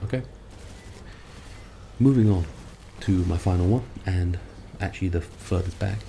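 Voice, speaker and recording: A video creator goes on a self-deprecating, sarcastic, meandering rant about others in his field. His voice is low, warm and a touch slow with vocal fry, over slight background noise.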